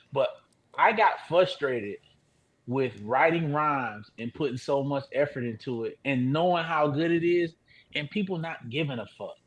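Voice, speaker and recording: Animated man ranting, loud and lively. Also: moderate pace. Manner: heated, swings from low and quiet to loud shouting; profane, animated storytelling. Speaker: podcast panelist, rapper. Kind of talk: casual panel chat.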